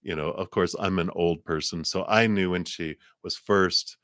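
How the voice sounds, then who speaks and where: Middle-aged male tarot reader with a low voice who chuckles often and repeats words as he thinks aloud. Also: steady tone, moderate pace, fairly bright tone, no room sound, studio quality. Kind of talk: live tarot reading for a viewer.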